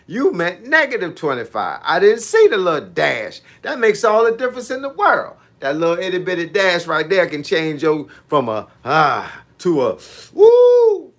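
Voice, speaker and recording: A man's voice: fairly high pitch, big pitch swings, normal speed, few pauses, fairly bright tone. A man, a fitness coach chatting casually with viewers on a livestream in laid-back, slangy banter. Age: 50s.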